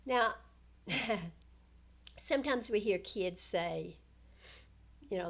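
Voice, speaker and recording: A woman's voice: mid-range voice, animated, drawn-out words, creaky. An older woman with a rural Southern US accent, giving a casual, patient grammar lesson with little laughs and self-corrections. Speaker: grammar teacher.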